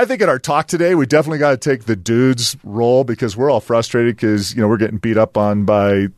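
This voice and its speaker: A man's voice: medium pitch, fast, hardly any pauses, no echo, studio quality. A man in his fifties co-hosting a show, chatting casually, rambling with lots of fillers and laughing often. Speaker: podcast co-host. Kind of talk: casual chat.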